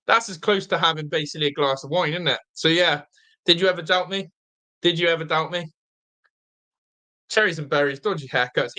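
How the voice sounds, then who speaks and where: A young man hosting a live football watch-along, chatting excitedly, reacting to play and reading viewer comments aloud, with a slightly blocked nose. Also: on the high side. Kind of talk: live fan commentary and chat.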